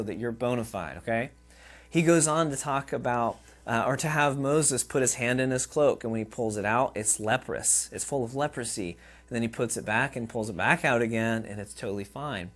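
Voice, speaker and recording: A man's voice: medium pitch, moderate pace. A man preaching a sermon in a conversational way, often checking in with the listeners. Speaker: pastor.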